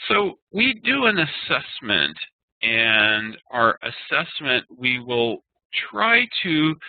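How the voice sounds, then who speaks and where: A man teaching an online class, explaining terms and slowly chanting Sanskrit verses. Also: mid-range voice, sing-song, no room sound. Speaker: Ayurveda teacher. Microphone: video call. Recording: tinny phone-like web call audio.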